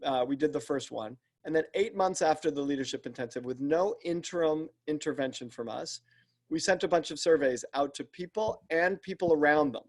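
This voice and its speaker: On a podcast, a man with a fairly high voice describes his coaching work. His explanation is earnest and methodical, and he circles back and restarts sentences as each point takes shape, interview-style.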